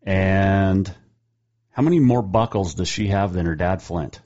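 A man's voice: low-pitched, a little slow, mellow. A man hosting his own radio show, talking casually in a rambling, folksy way and reading sponsor plugs. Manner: rambling, folksy, self-correcting. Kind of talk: casual radio talk with ad reads. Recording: dull lo-fi sound.

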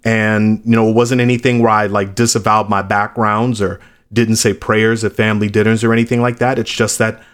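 A man's voice: on the low side, flat delivery, fairly quick, clear, resonant tone. A man in his late thirties, a musician being interviewed, speaking candidly and reflectively, sometimes blunt. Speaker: musician guest. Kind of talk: interview conversation.

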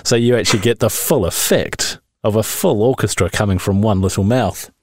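A man's voice: on the low side, fairly quick, darkish tone, no room sound, clean studio sound. A man in his thirties with a New Zealand accent, telling stories and jokes as a podcast co-host. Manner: chatty storyteller, laughs often, crude humor. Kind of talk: casual chat.

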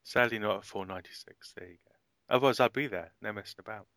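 A man co-hosting a casual gaming podcast, chatty and quick when recalling things. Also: fairly low pitch, sharp tone, dry recording. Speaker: podcast co-host.

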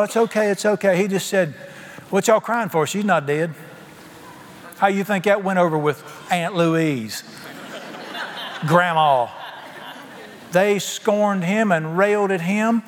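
A man preaching a sermon, telling a folksy, animated story full of sudden jumps in pitch. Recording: reverberant hall with faint ambience.

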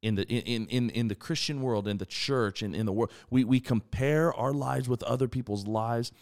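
A man co-hosting a faith podcast, talking earnestly about scripture in an animated, preaching way. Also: medium pitch, moderate pace. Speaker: podcast co-host.

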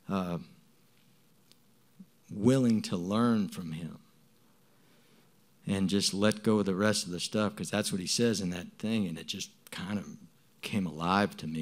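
Middle-aged man, lowish voice, delivering a church testimony; earnest and halting, stumbles and repeats himself. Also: darkish tone. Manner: halting and earnest, with many restarts and repeated words. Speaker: church member giving testimony. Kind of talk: spoken testimony to a congregation.

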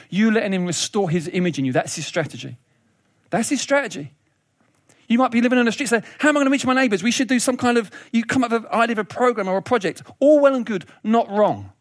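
Guy preaching, fairly high voice, jokey and animated, laughs a lot, dry close sound. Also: quick pace, no room sound. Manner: lively, humorous, laughs often, repeats words. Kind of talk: sermon.

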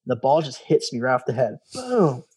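Man, thirties, mellow warm tone, mid pitch, animated storyteller, casual interview. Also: moderate pace, husky. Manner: animated storytelling, acts out quoted voices, casual swearing. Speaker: guest, former special operations soldier.

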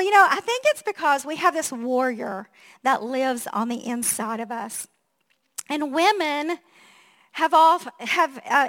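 High-voiced woman pastor telling lively stories. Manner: animated and chatty, laughing often and acting out quotes. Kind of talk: storytelling sermon.

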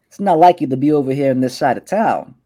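A man's voice: mid-range voice, dark tone. A man voicing a smug, menacing male half-elf mobster boss who taunts with drawling threats.

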